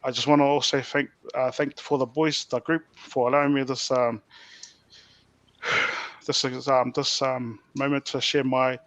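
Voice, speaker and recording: A young man with a New Zealand accent, a podcast guest sharing his testimony in a soft, halting way with many fillers. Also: medium pitch, level tone, no echo. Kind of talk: personal testimony.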